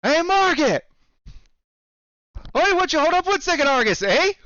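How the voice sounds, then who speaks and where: A bubbly female elf shopkeeper with a put-on Canadian accent, as a game master puts her on, high and lively, all chirpy exclamations. The sound is dull and lo-fi, like an online call. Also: a little slow, no room sound, full character voice. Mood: bustling.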